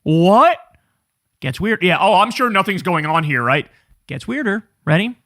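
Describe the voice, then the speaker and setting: A man's voice: high-pitched, animated, a little slow, bright, forceful tone, dry recording, studio quality. Sarcastic, profane male political host. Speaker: political commentary show host. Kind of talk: online political commentary.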